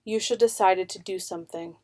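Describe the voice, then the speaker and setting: A woman narrating a children's picture book in an unhurried, expressive way. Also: medium pitch.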